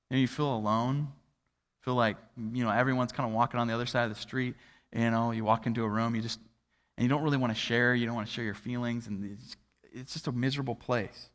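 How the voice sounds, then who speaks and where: Captured on a church livestream with hall reverb, a young pastor delivers a sermon from the sanctuary, sharing self-deprecating anecdotes in a chatty manner. He speaks at a medium pitch in a steady tone, a little fast.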